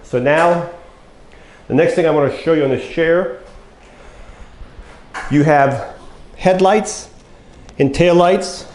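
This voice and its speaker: A man's voice: fairly high pitch, slow, long pauses, darkish tone. A man walking viewers through a power wheelchair as a mobility equipment dealer, plainspoken and talking to them as folks, his voice getting worn. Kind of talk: product walkthrough demo. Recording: echoey room.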